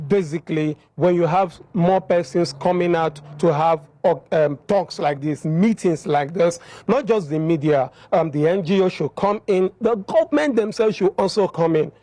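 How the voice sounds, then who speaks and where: A man's voice: high voice, moderate pace, hardly any pauses, dark tone, no echo. A man, an NGO representative answering a reporter's questions in an insistent way and repeating key words for emphasis. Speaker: NGO representative interviewed at a town hall. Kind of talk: earnest on-the-spot interview answers.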